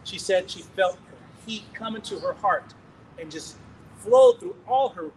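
A man preaching, telling a testimony in an animated, rambling way with laughs and restarts. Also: high voice, unhurried, a little hiss or hum, low-quality recording. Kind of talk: sermon testimony storytelling.

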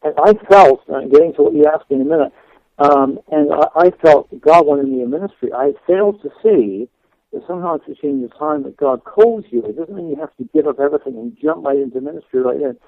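English guy chatting on a call-in show, raspy-gravelly voice, lots of uh and you know, phone line sound. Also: fairly high pitch, animated, fairly quick, no echo. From England. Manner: chatty, laughing, many fillers and restarts. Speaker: guest minister. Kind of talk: radio interview storytelling. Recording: dry tinny phone line.

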